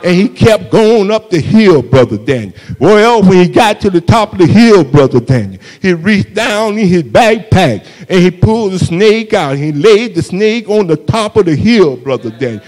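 Male preacher, high voice, unhurried sermon cadence, constant call-outs to the congregation. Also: very animated, darkish tone. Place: church sanctuary. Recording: long hall reverb in a church.

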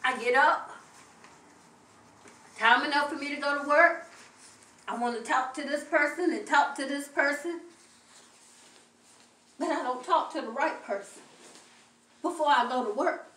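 Her sermon unfolds unhurriedly, with long pauses, as this middle-aged woman preaches fervently and repetitively in a church sanctuary. Her high voice sounds pushed and bright, heard distantly through the room's echo.

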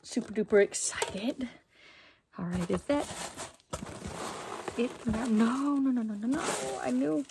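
Slow-talking excitable young woman. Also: a little high, noisy background. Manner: chatty, excitable, lots of fillers. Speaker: book vlogger. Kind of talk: casual unboxing chat.

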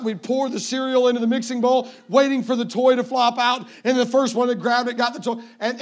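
A man in his fifties preaching a sermon as a visiting evangelist, telling playful, self-mocking stories and often repeating his first word. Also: very high-pitched. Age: 50s. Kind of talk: sermon with humorous family stories.

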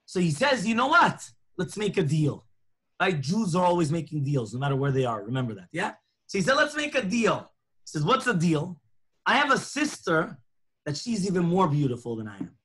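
His voice is high and slightly rough, moving at a moderate pace, as this rabbi leads a lunchtime Torah class. He brings the stories to life, performing the dialogue.

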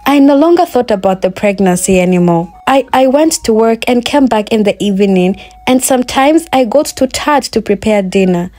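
A woman's voice: on the high side, animated, moderate pace, hardly any pauses, dark tone. Woman with narrating story. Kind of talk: first-person story narration.

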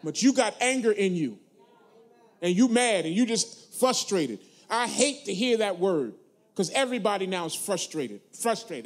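A man preaching a sermon to his congregation, using call-and-response and moving between quiet asides and loud, emphatic points. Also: sits high, sing-song, moderate pace. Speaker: pastor.

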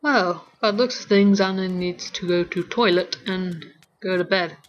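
A young woman giving casual gameplay commentary, rambling and giggly as she thinks aloud with many pauses. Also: fairly low pitch, highs cut off. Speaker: let's play host.

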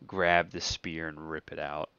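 A man's voice: very deep voice, level tone, measured pace, sharp tone, clear, resonant tone, no echo, dull audio. A man running a tabletop game session as game master, often laughing and tripping over his words.

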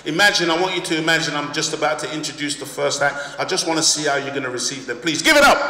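A man's voice: fairly high pitch, background noise. A man compering a live comedy show on a big hall stage, teasing and hyping the crowd. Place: large town hall stage.

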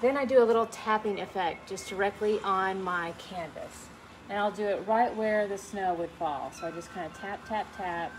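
A middle-aged woman teaching a live online painting class in a gentle, chatty way, greeting viewers by name as she works. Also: mid-range voice, normal speed, slight background noise, low-quality recording. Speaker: painting instructor.

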